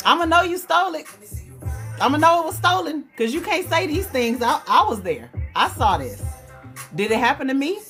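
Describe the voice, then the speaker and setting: A woman, chatting casually on a live stream and reading aloud from her own writing in an animated, chatty way. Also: high-pitched, moderate pace, soft background music. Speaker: livestream host and author.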